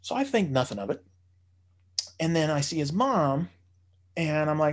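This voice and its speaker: Animated man telling a story. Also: on the high side, normal speed. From United States. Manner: animated, swears freely, acts out voices in quotes. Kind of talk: casual anecdote telling.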